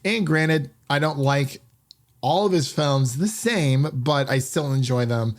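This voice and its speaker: An upbeat, chatty man hosts a relaxed podcast conversation. His voice sits at an ordinary middle pitch. He talks in an easygoing, friendly way. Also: a little slow. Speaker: podcast host. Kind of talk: casual podcast chat.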